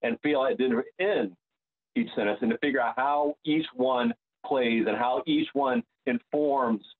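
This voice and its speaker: Opera bass on a tinny call. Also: male voice, lively intonation, a little slow, creaky. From United States. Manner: searching, restarts sentences, many fillers. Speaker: opera bass singer, guest. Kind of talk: reflective interview conversation. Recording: tinny phone-like line.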